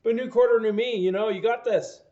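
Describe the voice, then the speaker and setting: A man with a high, light voice teaches a math homework lesson. He keeps quizzing the listener with playful, jokey asides. The recording is dull and lo-fi, with an echo around him. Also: steady tone, a little fast, dark tone.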